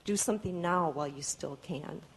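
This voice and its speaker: A woman's voice: on the low side, brisk, very noisy. A woman giving public testimony at a hearing, speaking earnestly and pleading, and she sounds tired. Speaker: public commenter.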